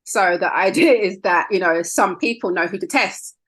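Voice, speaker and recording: A woman hosting a podcast, chatting in an affirming, animated way during an interview. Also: medium pitch, husky. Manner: warm, affirming, quick and animated. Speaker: podcast host. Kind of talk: conversational interview.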